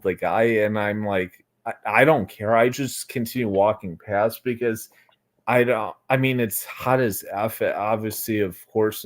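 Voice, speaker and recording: A young American man, a livestream interview guest, talking hesitantly and rambling with many fillers and restarts. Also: on the low side. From United States. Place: Florida.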